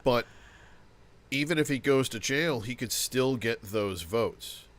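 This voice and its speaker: A man co-hosting a casual political podcast, making dry, measured remarks. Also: medium pitch, a bit bright, a little hiss or hum. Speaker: podcast co-host.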